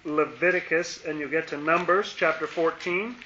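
A man's voice: fairly high pitch, normal speed, sharp tone, a little hiss or hum. A man teaching a Bible study, asking questions and playfully dramatizing the scripture. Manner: asks questions, dramatizes the verses with playful exasperation. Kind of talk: interactive scripture lesson. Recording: echoey room, slightly dull sound.

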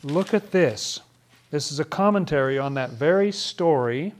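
A man's voice: fairly high pitch, expressive, normal speed. A man leading a casual Bible study, chatty and wry, often laughing.

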